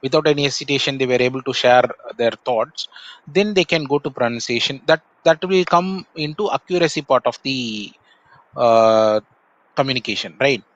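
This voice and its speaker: A man's voice: mid-range voice, a bit bright, muffled recording. Indian man with a Tamil accent, thoughtful. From Tamil Nadu, India. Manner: measured, thoughtful, many pauses and "uh" fillers. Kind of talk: casual conversation.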